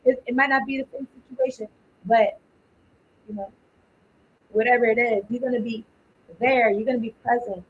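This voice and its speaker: A woman's voice: a little high, fairly even intonation, normal speed, long pauses, a little hiss or hum, rough recording. A woman giving a casual tarot reading, thinking aloud, blunt and informal, often trailing off. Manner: blunt and informal, with slang and swearing. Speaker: tarot card reader.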